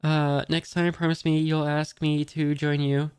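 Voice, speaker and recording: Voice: medium pitch, level tone, a little slow, a little mellow, smooth, no echo, natural voice. A reader voicing an earnest teenage friend from a comic, pleading to be asked for help.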